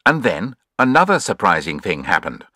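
A man reading scripted storybook narration in an expressive, measured way. His voice sits fairly low yet rises and falls a lot. The sound is dry and close. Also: dry recording.

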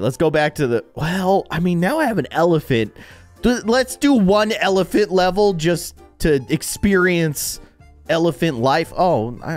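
A young man giving playful, goofy commentary on a video game he is playing, laughing often. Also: fairly high pitch. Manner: goofy, laughing, animated reactions. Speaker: gaming YouTuber.

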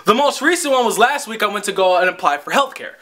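A man's voice: high voice, lively intonation, fast, over music. A young man telling a long, profane, exasperated story as a vlogger. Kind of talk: casual storytelling rant.

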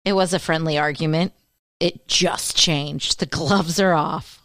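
A woman co-hosting a podcast, chatty and quick to laugh, telling stories in casual conversation. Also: sits low, fairly even intonation, fairly bright tone, no room sound, clean studio sound. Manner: chatty, laughs often, storytelling. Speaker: podcast co-host. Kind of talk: casual chat.

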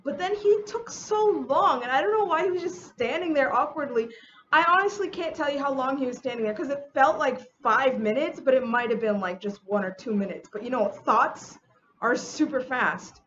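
A woman with a fairly high voice tells a story to her viewers in a chatty, emphatic way and keeps asking them to agree. The recording is a bit dull and lo-fi, with a faint hiss behind her. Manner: chatty, emphatic, asks the listener questions. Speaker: vlogger. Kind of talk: storytelling get-ready-with-me vlog. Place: home.

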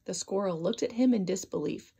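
A woman reading a children's storybook aloud with expressive, sing-song narration. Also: mid-range voice, brisk, husky.

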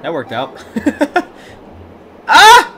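A man chatting casually while playing a video game, excitable and prone to swearing when frustrated. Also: on the high side, fast, slight background noise. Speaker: let's play gamer.

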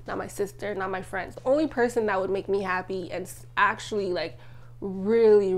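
A young woman vlogger giving a personal life update to her camera, emotional and tearful at times, talking in a loose chatty way full of "like". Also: medium pitch.

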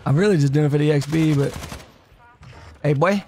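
A man's voice: a little high, a little fast, mellow, slight background noise. A man chatting loosely while streaming a shooter game, swearing and joking with his teammates. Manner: loose, profane, laughing banter. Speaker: gaming streamer. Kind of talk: casual gameplay chat.

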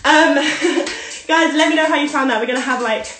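A woman's voice: sits high, moderate pace, fairly bright tone, slight background noise. A young woman fitness instructor leading a live workout, counting reps and cheering people on while short of breath from exercising. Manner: upbeat and encouraging, calls out counts and cues. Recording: very echoey room, mic far off.

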